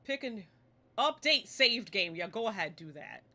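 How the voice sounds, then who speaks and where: A woman of about forty chatting casually while streaming a game live, excitable and swearing, often laughing and yelping at the screen. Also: on the high side, measured pace. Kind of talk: live gameplay stream chat. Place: home streaming setup in front of a green screen.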